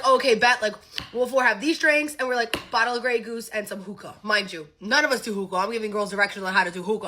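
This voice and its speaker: Young woman, fast, bright voice, casual storytime, animated, laughs a lot. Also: fairly high pitch. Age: young adult. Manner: animated, laughing, acts out dialogue.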